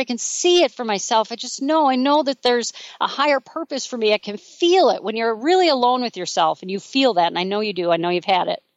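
A woman's voice: mid-range voice, no echo, lo-fi sound. Earnest woman radio host, dry studio. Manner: earnest, emotional, encouraging. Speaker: radio show host and life coach. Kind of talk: motivational radio talk.

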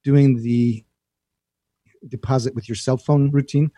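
A male guest telling stories in a casual chat, lively and acting out the voice in his head. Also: medium pitch, measured pace, no echo. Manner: animated storyteller, acts out an inner voice. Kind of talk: casual storytelling.

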